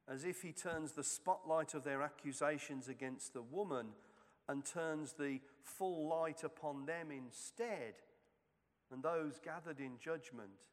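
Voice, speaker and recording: A man giving a sermon reflection, reading in a slow, measured way with long pauses. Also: mid-range voice, big-room sound. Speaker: preacher.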